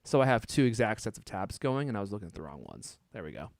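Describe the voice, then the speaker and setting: A man hosting a podcast in casual chat, joking and animated, stumbling over fillers and restarts. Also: fairly low pitch, fast talker, no echo, studio quality. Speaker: podcast host.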